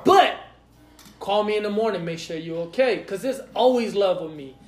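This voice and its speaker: Animated man telling a story on a podcast. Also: high-pitched, moderate pace, echoey room, soft background music. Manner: animated, profane, acts out quotes. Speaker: podcast host. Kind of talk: casual storytelling chat.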